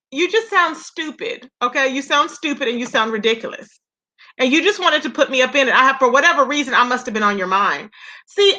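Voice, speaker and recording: Sassy high-voiced woman recapping gossip. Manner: sassy, animated, laughs a lot, says "okay" and "period". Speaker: YouTube commentary host.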